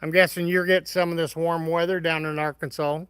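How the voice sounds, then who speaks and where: A man from the chats with viewers of his live stream in a folksy, easygoing way. His voice sits a little high and sounds bright and forward. The recording is dry and close, with no room sound. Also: level tone, fairly quick, clean tone, dry recording, poor audio. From Midwest of the United States. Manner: folksy, friendly, greets viewers by name. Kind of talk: casual live stream chat reading comments.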